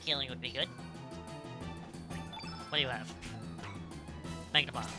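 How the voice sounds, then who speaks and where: A woman's voice: a bass voice, a little slow, loud music behind the voice. A woman streaming herself playing a game, chatting and reacting aloud in a casual way, sometimes humming.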